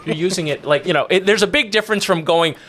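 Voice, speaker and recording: A man's voice: sits high, quick pace, noisy background. A male chef hosting a casual reaction chat, laid-back, swearing freely and laughing often. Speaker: chef host.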